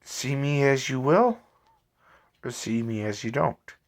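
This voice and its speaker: A man voicing a calm, cryptic, godlike young man who speaks in slow, grand declarations. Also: mid-range voice.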